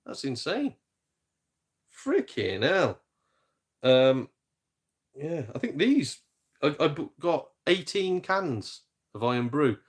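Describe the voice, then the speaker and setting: A man's voice: a little high, big pitch swings. A young man, chatting casually on a gaming live stream, joking, laughing easily and swearing mildly. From England, Shropshire near the Welsh border. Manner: chatty, jokey, quick laughs, mild swearing.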